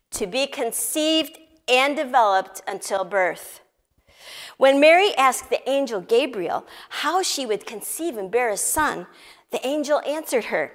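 A woman giving a Bible teaching to an audience, slow and deliberate, explaining words one by one. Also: on the high side. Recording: long hall reverb.

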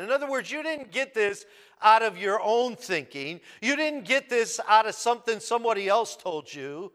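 A man preaching a sermon, speaking slowly and with emphasis and repeating key words as he explains a passage. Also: high-pitched, lively intonation, a bit bright, big-room sound. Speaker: pastor.

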